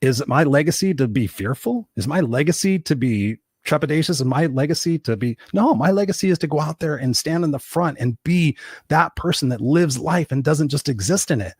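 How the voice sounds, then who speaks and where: A man's voice: fairly high pitch, lively intonation, a little fast, slightly rough, no echo, clean studio sound. A man telling a personal story as a podcast guest and motivational coach, emphatic and speaking straight to the listeners. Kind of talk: storytelling interview talk.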